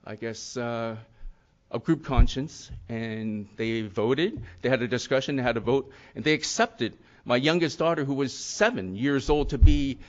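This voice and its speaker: A middle-aged man with a medium-pitched voice speaks unhurriedly at a recovery talk, sharing his story of recovery in an earnest, rambling testimony. He leans heavily on "you know" and "and yet." The audio is slightly dull and lo-fi.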